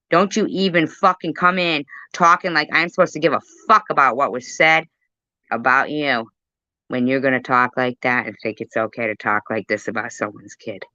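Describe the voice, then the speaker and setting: A woman's voice: extremely low pitch, sharp tone, no room sound, dull audio. A woman livestreaming and reading chat aloud, ranting furiously with a stream of profane insults. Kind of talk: angry livestream rant.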